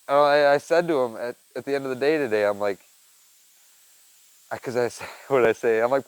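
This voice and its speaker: A young man chatting casually on his own, rambling and swearing, dropping to mumbles and then getting loud. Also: fairly high pitch, fairly quick, smooth, no echo, low-quality recording. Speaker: podcast host. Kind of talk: casual solo chat.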